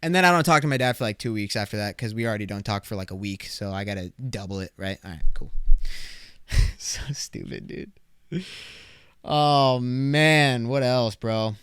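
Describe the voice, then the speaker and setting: A man's voice: on the low side, moderate pace, clear, resonant tone, no room sound, clean studio sound. A man hosting his own podcast, chatting casually and reacting to clips, cursing a lot and acting out exaggerated imagined conversations. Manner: animated, swearing, acts out exaggerated imagined dialogue. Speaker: podcast host.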